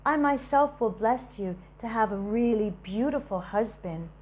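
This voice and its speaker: A woman's voice: a little high, expressive, a little slow, a little mellow. A woman voicing a mischievous young boy who teases and boasts in a playful way. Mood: teasing. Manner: teasing, boastful.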